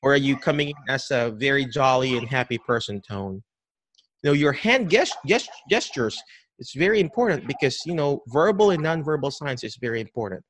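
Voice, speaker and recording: A man being interviewed as a dementia care educator on a podcast call, animated and full of restarts, acting out how caregivers greet patients. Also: mid-range voice, a little fast, slight background noise.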